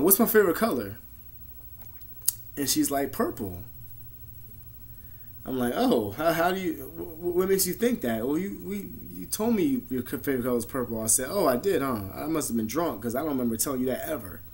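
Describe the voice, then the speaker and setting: A man recounts a personal ordeal straight to camera, rambling and swearing freely. His delivery is raw and emotional, at times trailing off into low, quiet murmurs before picking back up. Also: lively intonation, a little fast, breathy edge. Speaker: vlogger. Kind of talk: personal storytelling.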